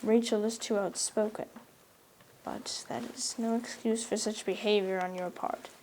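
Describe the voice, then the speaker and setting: A woman's voice: mid-range voice, steady tone, unhurried, a little mellow, a little hiss or hum, natural voice, low-quality recording. A woman reading a novel aloud, voicing a stern older woman guardian who scolds in a dry, reproving way. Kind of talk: audiobook reading.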